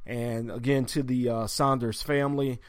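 A man's voice: mid-range voice, flat delivery, moderate pace, clear, resonant tone, no echo, clean studio sound. A man hosting a sports podcast, telling a story in a loose, rambling way with many ums. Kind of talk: casual spoken tribute and storytelling.

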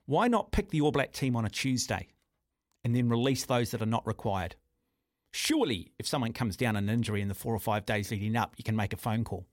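A man's voice: mid-range voice, lively intonation, fairly quick, dry recording, studio quality. A man with a New Zealand accent hosting talkback radio, blunt and combative, often calling his caller mate. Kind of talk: opinionated talk radio. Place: radio studio.

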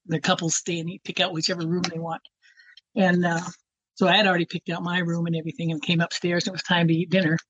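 A woman with a husky voice telling a personal story in a rambling way, full of fillers and restarts. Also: on the low side, dry recording, muffled recording. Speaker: interviewee.

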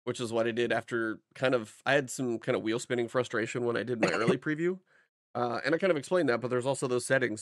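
A man's voice: mid-range voice, dry recording. Rambling man, dry close mic. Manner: rambling, with many restarts and fillers. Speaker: podcast co-host, game reviewer. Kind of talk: casual chat.

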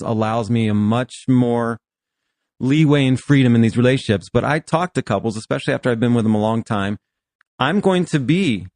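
A man in his fifties talks earnestly as a podcast host, drawing on his work as a pastor and therapist. His voice sits in a middle register, he gets animated and laughs through his words, and the sound is close and dry. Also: medium pitch, dry recording. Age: 50s. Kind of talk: podcast conversation.

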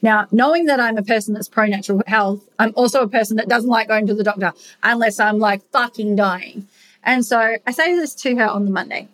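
A woman's voice: on the high side, brisk, a bit bright. A woman hosting a podcast, telling her own story in a frank, casual way, swearing freely and earnestly encouraging her listeners. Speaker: podcast host. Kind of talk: personal storytelling monologue.

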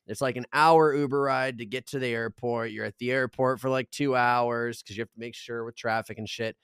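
A man's voice: medium pitch, a little fast, clean tone, dry recording, studio quality. A young man from Arizona co-hosting a podcast, telling a long story in casual, swear-filled chat and acting out the voices of the people in it. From Arizona, United States. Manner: animated, swears a lot, acts out voices in his stories. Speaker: podcast co-host.

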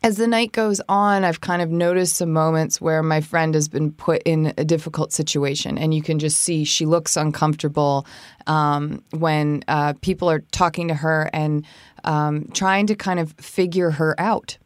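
A woman's voice: normal speed, smooth, no echo, studio quality. A woman co-hosting a podcast, casually telling a personal story and acting out what people said. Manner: animated, acts out quoted speech in a higher voice. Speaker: podcast co-host giving etiquette advice.

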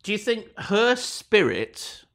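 A woman's voice: medium pitch, big pitch swings, takes it slowly. A woman co-hosting a casual chat, retelling a story with lots of hedging fillers and laughing easily.

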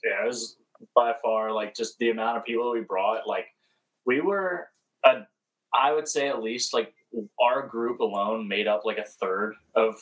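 A man's voice: lowish voice, measured pace, rough recording. A man guest on a casual podcast, chatting with frequent laughs and fillers. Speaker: guest musician. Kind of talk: casual chat.

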